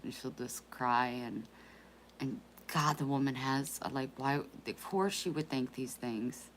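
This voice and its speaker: Woman vlogger, low voice, unhurried, emotional and hesitant, faint room hum behind. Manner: emotional, quiet, hesitant, with restarts. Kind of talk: emotional personal talk.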